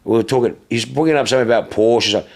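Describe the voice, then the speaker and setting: A man's voice: racing, gravelly. A man co-hosting a podcast, telling a story in casual chat with lots of swearing and restarts. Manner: swears freely, restarts, gets louder and higher as the story builds. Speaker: podcast co-host.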